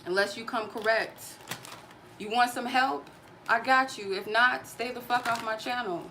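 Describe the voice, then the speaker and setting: A woman's voice: fairly high pitch, normal speed, pushed and bright. Furious profane woman ranting on a live stream. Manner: angry, profane, confrontational. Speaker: tarot card reader and channel host. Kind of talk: live stream rant at a viewer. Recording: clear background noise.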